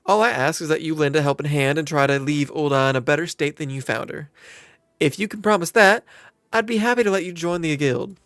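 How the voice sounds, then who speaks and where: A man's voice: fairly high pitch, brisk, fairly bright tone, no room sound, studio quality. A man voicing a shrewd, teasing middle-aged woman innkeeper with a put-on Southern drawl, reading game dialogue and tripping over words. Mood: welcoming. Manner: homey turns of phrase, stumbles over words while reading.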